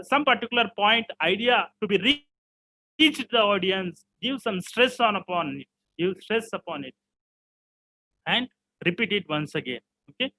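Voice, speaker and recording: A man's voice: high-pitched, sharp tone, rough recording. A middle-aged man with an Indian English accent giving an online lecture, repeating key words and checking in with "okay?" after nearly every point.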